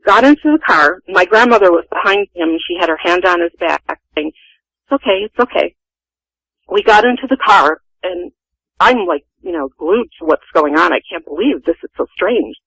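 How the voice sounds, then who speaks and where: A woman's voice: fairly low pitch, animated, normal speed, a bit bright, slightly rough, no echo, rough recording. A woman in her sixties, a guest telling a personal family story in an earnest, vivid way.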